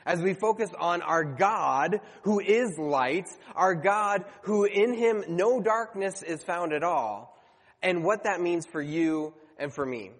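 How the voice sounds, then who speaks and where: A man with a high voice preaches a sermon to his congregation at a slow pace, earnest and conversational, occasionally stumbling and correcting himself. The sound has a big-room quality.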